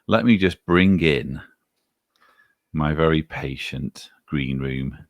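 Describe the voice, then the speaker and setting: Deep-voiced English host from Manchester. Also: male voice, slow pace, no room sound. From England. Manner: dry self-mocking humor. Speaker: livestream host. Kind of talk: casual chat.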